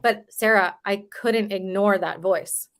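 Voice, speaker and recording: A woman's voice: medium pitch, measured pace, fairly bright tone. A woman in her thirties, a podcast guest, telling a personal story in a candid, casual way and swearing now and then.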